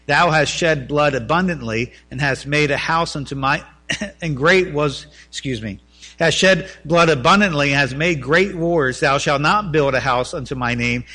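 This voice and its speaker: High, bright-voiced preaching man. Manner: animated preaching, voices biblical figures in quotes. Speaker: pastor. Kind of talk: sermon.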